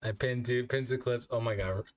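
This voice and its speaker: A man's voice: medium pitch, steady tone, moderate pace. A man streaming as a VTuber, drunk and hiccuping, talking in a rambling, profane, self-mocking way. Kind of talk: casual live-stream chat.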